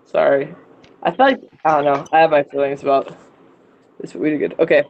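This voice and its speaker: A young adult student on a video call who keeps giggling and cracking jokes while working problems with the group. The pitch sits in a middling range. The audio is muffled, with a faint hiss behind it. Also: flat delivery. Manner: giggly, joking, quick to laugh. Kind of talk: casual group study chat on a call. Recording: dull audio with faint noise.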